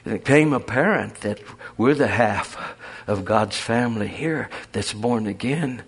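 A man preaching a folksy, animated sermon full of storytelling and chuckles. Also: on the low side, measured pace, slightly rough.

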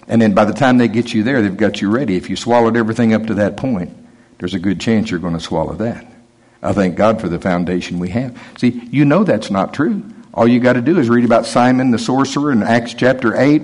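A male preacher giving a sermon, talking in a conversational, emphatic way and dropping his voice low when he quotes. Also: a little mellow, slightly rough.

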